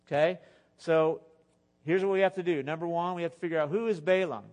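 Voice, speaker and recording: A male pastor preaching an animated sermon, exhorting the listeners and slipping in jokes and asides. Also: on the high side, a little fast.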